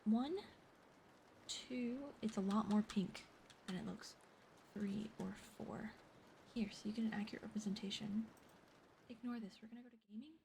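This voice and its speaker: A young woman whispering softly on an ASMR livestream, chatting and giggling with viewers as she thanks them and tells a story. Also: mid-range voice, fairly even intonation, normal speed, creaky, pauses often, a little hiss or hum. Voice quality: soft whispery voice. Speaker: streamer. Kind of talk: whispered ASMR stream chat.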